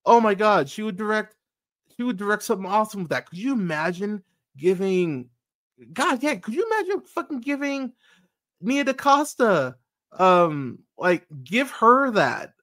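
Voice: mid-range voice, a bit bright. A movie podcast host giving a casual review as a rambling, profane rant full of fillers and restarts.

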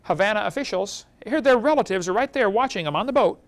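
A man with a fairly high voice delivers a lecture to a live audience. He keeps things animated, often turning to the listeners with rhetorical questions. His pitch sits toward the top of the male range. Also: quick pace. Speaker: creation seminar speaker.

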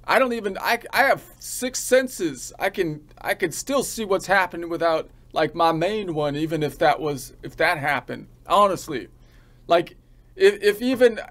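A man from the United States ranting comically, rambling and halting with frequent restarts. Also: a little high. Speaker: channel host. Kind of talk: comic rant.

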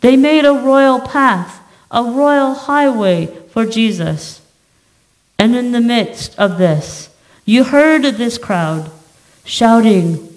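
Slow, measured woman preaching. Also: fairly high pitch, animated, darkish tone, rough recording. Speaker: pastor. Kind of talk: sermon. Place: church sanctuary.

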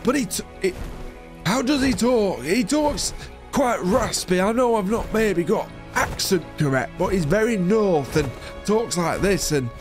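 A man's voice: high voice, expressive, unhurried, faint music behind. A man from England giving casual, rambling commentary while playing a video game, swearing now and then. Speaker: gaming YouTuber.

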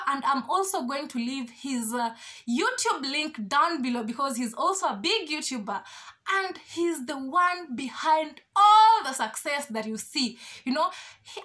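A young woman talking to her channel in an excited, gushing vlog, repeating herself and thanking everyone. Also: high-pitched. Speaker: YouTuber. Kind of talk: excited casual vlog talk.

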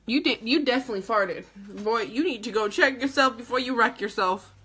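Loud, squealing young mom vlogger. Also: female voice, fairly high pitch, fairly quick, slight background noise. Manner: dramatic, squealing and laughing, swears. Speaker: mother. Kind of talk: casual livestream chat.

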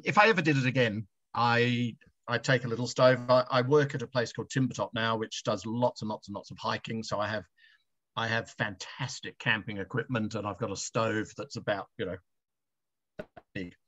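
A middle-aged Australian man tells stories over a video call, chatty and quick to laugh, often restarting his sentences. His voice is bright and forceful, in a dry space, and the sound comes through dull and lo-fi. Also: medium pitch, dry recording. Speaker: guest author. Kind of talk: anecdotal storytelling on a video chat.

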